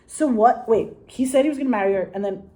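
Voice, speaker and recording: A woman's voice: fairly high pitch, fast, dark tone. An actress telling a rambling, profane story about a film shoot, laughing often as she talks. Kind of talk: casual anecdote.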